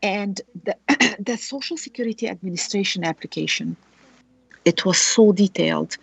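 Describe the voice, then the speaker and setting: A woman lawyer speaking as a guest on a radio law show, telling a client's story with animated rhetorical questions. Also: medium pitch, moderate pace, vocal fry, slightly rough, dry recording, low-quality recording.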